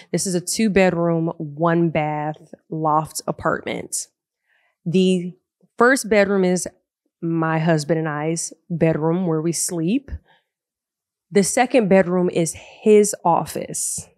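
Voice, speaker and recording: Young woman, podcast host, lowish voice, dry close sound, chatty and excitable. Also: no echo. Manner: chatty and animated, laughs often. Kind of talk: solo podcast talk. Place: living room of a large loft apartment. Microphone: podcast microphone.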